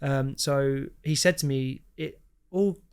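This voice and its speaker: A man, a podcast guest telling stories in a chatty, animated way, full of fillers. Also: mid-range voice, takes it slowly, clear, resonant tone. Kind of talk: casual storytelling chat. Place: indoor podcast studio.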